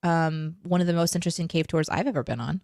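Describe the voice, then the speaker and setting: A woman's voice: sits low, fast, a little mellow, no room sound, studio quality. A woman co-hosting a casual live chat show, chatty and self-deprecating, laughing often. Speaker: co-host.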